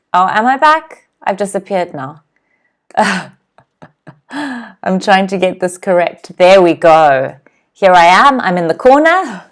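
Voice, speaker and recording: Casting: woman, English teacher, unhurried, careful delivery, drills vocabulary for viewers to repeat on a live stream. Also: on the low side. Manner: slow, clear teacher's voice, drills words for repeating. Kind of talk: live online English lesson.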